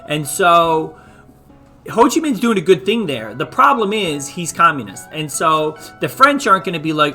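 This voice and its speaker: A man's voice: fairly high pitch, animated, normal speed, sharp tone, soft background music. A man, a teacher, giving a loose, joking virtual history lesson with many restarts. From United States.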